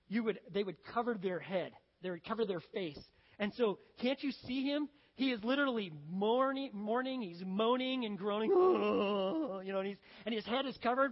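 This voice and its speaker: A man's voice: sits high, husky. A male pastor preaching a sermon in a conversational, storytelling way, acting out the scenes he describes. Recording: dull sound with long reverb.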